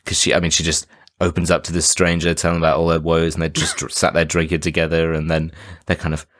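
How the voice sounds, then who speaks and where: A man with a very low voice talks through a film with a friend on a podcast, in a loose, rambling way. He leans on "kind of" and "like" as he thinks aloud. The sound is dry and close, with no room around it. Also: completely flat delivery, fast, fairly bright tone, no room sound. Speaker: podcast co-host. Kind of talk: casual film review chat.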